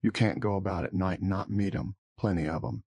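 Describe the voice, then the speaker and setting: A good-natured, talkative police inspector in a storybook, as a male narrator plays him. The voice sits low with some huskiness. The sound is close and dry. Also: fairly quick, gravelly, a little mellow, breathy edge, no room sound, exaggerated voice. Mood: chatty.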